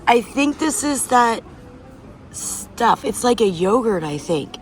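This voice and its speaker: A woman travel vlogger, her voice on the high side and animated, takes it slowly as she talks to camera about food and places with enthusiasm. She's outdoors and in cafes on the move, with faint music plus street and traffic noise behind.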